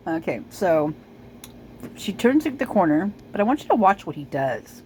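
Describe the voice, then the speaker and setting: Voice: medium pitch, very animated, normal speed, a little mellow, a little hiss or hum, rough recording. A person casually talking over news footage as a video commentator, rambling with many fillers and restarts and sounding suspicious and speculative.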